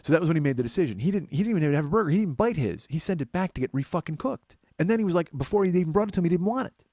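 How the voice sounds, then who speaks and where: A man's voice: a little high, expressive, very fast, dark tone, no echo. A middle-aged man, a comedian and podcast host, telling a story as an exasperated, swearing rant. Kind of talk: storytelling monologue.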